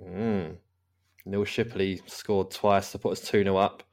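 A man's voice: deep voice, fairly even intonation, measured pace, vocal fry, darkish tone. A man hosting a casual podcast chat, rambling and laughing often. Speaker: podcast host.

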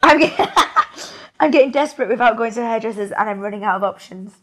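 A young woman co-hosting a podcast, chatty and quick to laugh. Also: a little high, low-quality recording. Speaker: podcast co-host. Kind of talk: casual chat.

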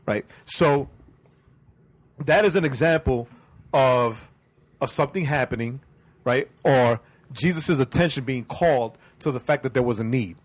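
Mid-pitched man who keeps asking "right?". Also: measured pace, pauses often. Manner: keeps tagging "right?", repeats himself while thinking. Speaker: podcast co-host. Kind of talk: casual faith discussion.

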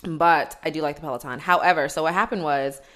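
Casual podcast woman, low-ish voice, lively storyteller who acts out scenes. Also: fast. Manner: animated storyteller, acts out scenes with loud cries. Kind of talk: casual chat. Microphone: remote call.

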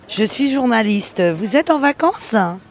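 A woman's voice: on the high side, lively intonation, measured pace. A woman from France who stresses the last syllables of words. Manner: stresses word endings. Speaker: journalist in a dialogue. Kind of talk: recorded conversation in French.

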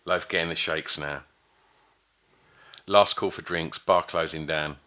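A man voicing a weary, dying male gangster in a put-on Puerto Rican accent, delivering a slow, quiet, resigned film monologue. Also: a bass voice, fairly even intonation, full character voice. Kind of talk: reading film's closing monologue.

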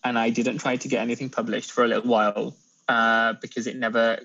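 An earnest young man speaks as an interview guest, pausing and restarting as he talks. His voice comes through a dull, muffled line. The room around him sounds dry and close. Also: mid-range voice, little pitch movement, sharp tone, dry recording. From Britain. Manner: earnest, halting, with frequent ums and restarts. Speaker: author and guest. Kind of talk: candid interview conversation.

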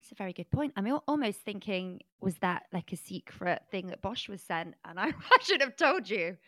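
A woman co-hosts a podcast, joking and giggling through casual chat. Her pitch is middling. The recording is dry and close. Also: sing-song, moderate pace, pushed and bright, no room sound. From English Midlands. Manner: playful, giggly, jokey. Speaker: podcast co-host.

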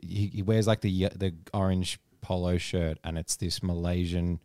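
A man's voice: low voice, little pitch movement, moderate pace, warm tone, clean tone, no echo. A man co-hosting a podcast, giving short, dry questioning reactions. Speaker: podcast co-host. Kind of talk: casual comedic chat.

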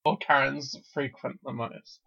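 A man's voice: mid-range voice, steady tone, a little slow, creaky, pushed and bright, slightly rough. A man co-hosting a casual chat, reacting to stories and prompting with questions. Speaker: podcast co-host. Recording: dull lo-fi sound.

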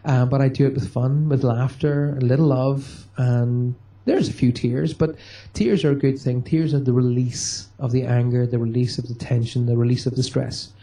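Mellow-voiced man telling stories. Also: medium pitch, moderate pace, hardly any pauses. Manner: lively, joking, acts out dialogue. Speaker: medium and touring stage performer. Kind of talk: storytelling interview answers.

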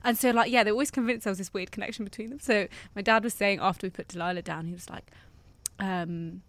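A young woman from England chatting casually, rambling with lots of fillers and slipping into soft, quiet asides. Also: medium pitch, steady tone, quick pace, dry recording. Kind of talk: casual chat.

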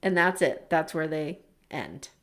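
Animated, sarcastic woman co-host. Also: deep voice, unhurried. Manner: animated, sarcastic, acts out quotes. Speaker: podcast co-host. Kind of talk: casual recap chat.

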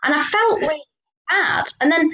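A woman, co-hosting a podcast in casual chat, telling animated stories and swearing freely. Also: high-pitched, normal speed, highs cut off. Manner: animated storytelling, swears, acts out quotes. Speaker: podcast co-host.

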